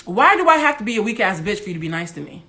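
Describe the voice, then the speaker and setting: A woman with a big, loud voice hosts a candid monologue into her phone. She is blunt and animated and swears freely, with a mid-range voice that stays full and forceful. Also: medium pitch, rapid-fire. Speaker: Instagram Live host.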